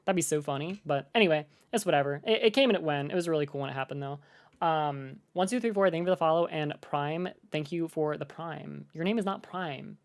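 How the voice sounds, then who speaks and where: A woman's voice: low-pitched, fairly quick. A young American woman streaming, chatting casually and rambling with lots of fillers. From United States. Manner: rambling, filler-heavy, animated with laughs. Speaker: streamer reacting to a video. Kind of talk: casual live-stream chat.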